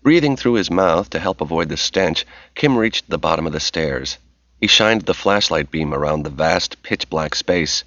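A man giving a measured, scripted audiobook narration. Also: sits low, animated, fairly bright tone, dry recording. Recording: slightly dull dry recording.

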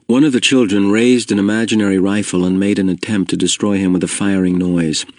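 A man reading a story aloud in steady, measured scripted narration. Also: low voice, dry recording. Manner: steady, measured reading, slowing at heavy moments. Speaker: audiobook narrator.

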